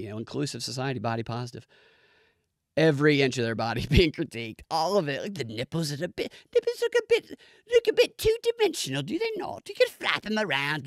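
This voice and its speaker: A man's voice: no echo, clean studio sound. A man giving a comedic, profane rant reviewing a show. He swears freely, jumps between ideas and mimics the people he describes. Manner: profane, animated, mimics people in squeaky voices.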